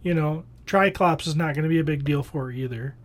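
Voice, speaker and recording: Measured man, critical podcast chat, thinking aloud. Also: on the high side. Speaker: podcast co-host. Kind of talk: casual chat.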